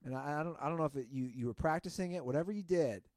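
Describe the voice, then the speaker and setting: A man's voice: on the high side, rapid-fire, darkish tone, no echo, clean studio sound. A man co-hosting a podcast, chatting casually and emphatically about sports media. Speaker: podcast co-host. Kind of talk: casual chat.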